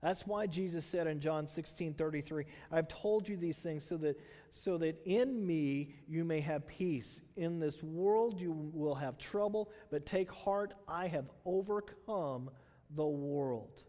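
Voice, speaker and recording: A man preaches to his congregation in a loose, chatty way, throwing out rhetorical questions and leaning on fillers as he goes. His voice sits high for a man. The sound trails off into the long reverb of a large hall. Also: measured pace, dark tone. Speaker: pastor. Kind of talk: sermon.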